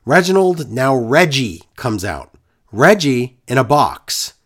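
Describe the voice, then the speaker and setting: A man talking in a casual recap chat, sarcastic and fed up. His voice swings up and down with lively inflection at an ordinary middle pitch. He keeps up a running, exasperated rant. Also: takes it slowly. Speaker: wrestling podcast co-host.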